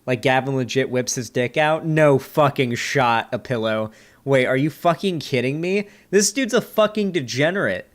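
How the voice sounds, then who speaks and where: A man's voice: medium pitch, lively intonation, moderate pace. A man streaming a review of a debate, talking in casual, joking commentary full of fillers and swearing, at a desk mic. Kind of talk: casual profane reaction commentary.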